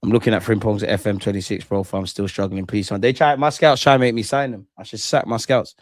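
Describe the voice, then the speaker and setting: A lowish, quick male voice comes through a dry, clean studio recording. He's a young streamer hosting a football watch-along, trash-talking and bantering excitably while giving casual live commentary and talking with viewers.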